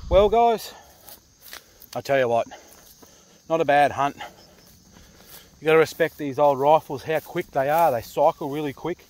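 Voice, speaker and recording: Blunt Australian bloke, higher pitched. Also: male voice, unhurried, long pauses, darkish tone. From Queensland, Australia. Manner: blunt, swearing, laid-back bush talk. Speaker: pig hunter and channel host. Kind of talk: casual talk to camera. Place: outdoors in rural cane country.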